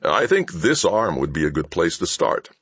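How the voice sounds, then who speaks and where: A man's voice: low voice, big pitch swings, normal speed, a bit bright, breathy edge, no echo, exaggerated voice. A man doing a coolly menacing, sardonic shipmaster. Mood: calm menace. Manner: conversational, dryly mocking threats. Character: cool, menacing male shipmaster, sardonic and unhurried. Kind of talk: audiobook character voice.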